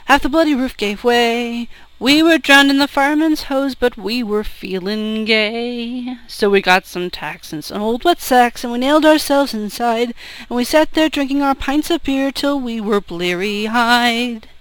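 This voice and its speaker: Woman, high and smooth voice, rowdy pub-song storyteller, dry close sound. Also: measured pace, no room sound, low-quality recording. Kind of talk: singing a comic folk drinking song.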